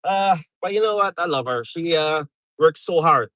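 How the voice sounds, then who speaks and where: A man's voice: fairly high pitch, lively intonation, moderate pace, a bit bright, dry recording, low-quality recording. A middle-aged man from Canada chatting casually on a live stream, rambling with lots of fillers and restarts.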